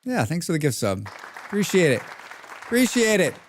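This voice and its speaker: A man with a slightly higher-than-usual voice streams a game live. He talks in a loose, chatty way, drifting into rants and thanking viewers between moves. The delivery is casual and unscripted. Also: wildly swooping pitch, normal speed, a faint crowd, a little hiss or hum. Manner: chatty, ranting, reads out chat names. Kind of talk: casual live-stream commentary while playing.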